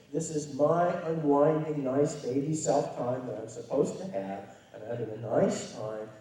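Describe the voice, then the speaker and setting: A mellow, somewhat high-pitched male voice addresses parents at a public talk. His delivery is storytelling in style, dry-humored and conversational, with strong emphasis on key words. Captured from afar, the recording is full of the reverberation of a very echoey hall.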